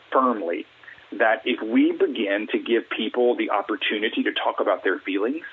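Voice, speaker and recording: A husky, low-voiced man from the Deep South speaks through a thin, tinny phone line. He talks earnestly and breaks into bright, acted-out snippets of small talk. His voice stays fairly low through it all. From Alabama, US Deep South. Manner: animated, acts out quoted small talk. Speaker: guest, mental wellness coach.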